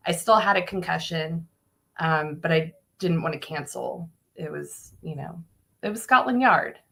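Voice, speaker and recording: A woman casually telling a story on a podcast, animated, swearing and laughing as she goes. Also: low voice, measured pace, gravelly.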